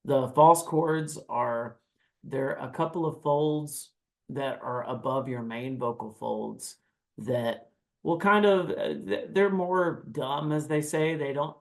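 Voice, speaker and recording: A man on a podcast breaking down screaming techniques in a casual, animated way, now and then demonstrating growls and screams. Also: medium pitch, slow. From United States. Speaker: guest vocalist. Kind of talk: podcast interview, explaining vocal technique.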